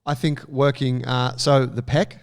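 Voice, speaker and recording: A man co-hosting a casual podcast. He talks in a relaxed, measured way and keeps his advice practical and down to earth. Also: medium pitch. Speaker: podcast co-host. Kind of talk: casual podcast chat giving training advice.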